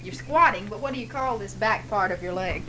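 Woman interviewer, middle pitch, patient, leaves sentences hanging for you to finish, slight noise behind. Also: brisk. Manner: patient, prompting with unfinished sentences. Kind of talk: dialect survey interview.

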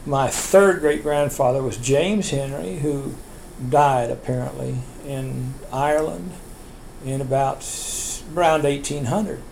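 Gravelly older man telling family stories. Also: mid-range voice, slow pace, a little mellow, slight background noise, low-quality recording. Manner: rambling, chuckling storyteller with restarts. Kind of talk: oral history storytelling.

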